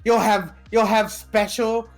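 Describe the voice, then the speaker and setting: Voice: medium pitch, level tone, takes it slowly. A podcast co-host in casual chat, laid-back, chiming in with jokes and the odd swear.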